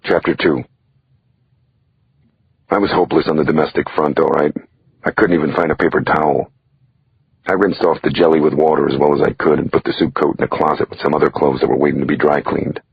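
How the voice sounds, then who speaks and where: Narrating a thriller in a wry first-person voice, this man sounds extremely deep, gravelly and heavily husky, with fairly even intonation. He moves a little fast and pauses often. The dry, slightly dull recording has a lo-fi quality.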